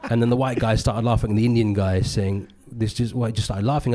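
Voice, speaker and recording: A man with a fairly low voice talks casually as a comedian guest in an interview. He is animated and jumps into loud, put-on voices whenever he quotes someone. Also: fairly quick. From Britain. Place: live podcast recording in a venue.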